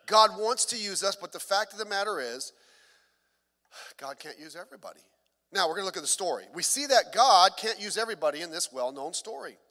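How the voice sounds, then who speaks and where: A man's voice: sits high, animated, brisk, pushed and bright, in a large hall. A middle-aged man, a pastor, preaching a sermon in a conversational way with joking asides.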